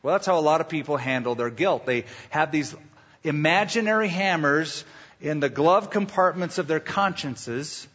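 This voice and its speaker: A pastor preaching a sermon with emphatic rhetorical questions and homely illustrations. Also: male voice, a little high, normal speed, fairly bright tone, in a large hall, highs cut off.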